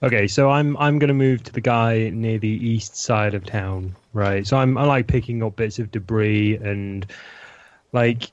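A man's voice: on the low side, measured pace, lo-fi sound. A man playing a tabletop role-playing game, describing his character's actions and speaking in character. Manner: lively, mixes plain narration of actions with taunting in-character speech. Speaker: player.

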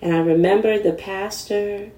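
A woman appears as a guest in a candid conversation, animatedly telling her story and acting out the voices of the people in it. Her voice is medium-pitched at a moderate pace, but the mic is distant, the sound roomy and the audio poor.

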